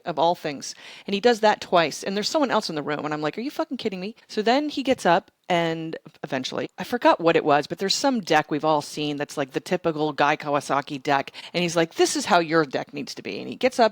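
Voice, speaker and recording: A middle-aged woman founder telling stories in an interview, animated and blunt, swearing and acting out other people's lines. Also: deep voice, dry recording. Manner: animated, profane, quotes others in raised voice. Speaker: startup founder and CEO, guest. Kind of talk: candid interview storytelling.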